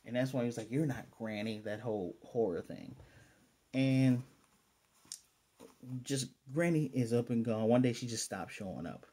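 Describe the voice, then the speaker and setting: A man casually reviewing an anime episode on his own channel, rambling enthusiastically and quoting characters in quick asides. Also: mid-range voice, expressive, warm tone. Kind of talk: casual solo video review.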